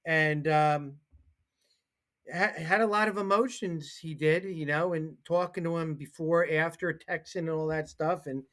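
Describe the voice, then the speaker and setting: A man's voice: fairly high pitch, unhurried. A man co-hosting a casual sports talk show, telling stories animatedly and acting out the people he quotes. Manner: animated storyteller who acts out the people he quotes.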